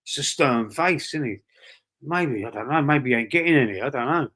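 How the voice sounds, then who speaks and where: A man's voice: mid-range voice, expressive, fairly quick, fairly bright tone. A man from East London with a Cockney accent, hosting a casual live stream, reading out chat and swearing freely as he talks. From East London, England. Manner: chatty, swears freely, calls viewers bro and mate. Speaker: livestream host reading chat.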